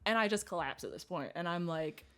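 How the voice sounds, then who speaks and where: A woman's voice: lowish voice, lively intonation, fairly quick, sharp tone, clear, resonant tone. A young woman guest on a podcast, telling a long story in casual chat, acting out quotes, laughing often and swearing.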